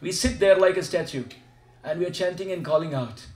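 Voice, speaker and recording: Male spiritual teacher, high voice, call-and-response sermon style, echoey home recording. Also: a little fast. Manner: asks the audience questions and leads them in repeating chants. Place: devotee's home, gathering room. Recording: echoey room sound.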